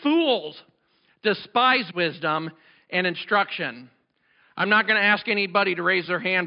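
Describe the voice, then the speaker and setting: A middle-aged male pastor preaching a sermon, loud and passionate with chatty asides, his voice cracking from overuse. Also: high voice, expressive, unhurried, dull audio. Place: church sanctuary.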